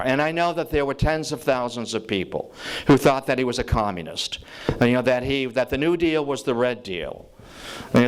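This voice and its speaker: A man giving a lively public talk on history to a live audience, joking with the room and acting out quotes as he tells stories. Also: medium pitch. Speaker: lecturer on presidential history.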